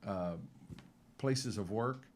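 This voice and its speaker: A man's voice: fairly low pitch, extremely slow, a little mellow, a little hiss or hum. A man on a casual talk show, opinionated and wry as he makes his case.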